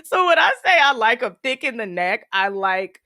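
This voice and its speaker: A woman's voice: a little high, very animated, normal speed, bright, forceful tone, no room sound, clean studio sound. A woman podcast host telling a personal story casually, laughing often through sad memories and filling with "you know" and "um.". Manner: many fillers like "you know" and "um".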